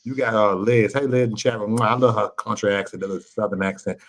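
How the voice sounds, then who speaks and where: A man's voice: lowish voice, fairly even intonation, fast talker, a bit bright, low-quality recording. A man hosting a late-night livestream, talking crude, boastful and petty, and repeating his phrases. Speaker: livestream host.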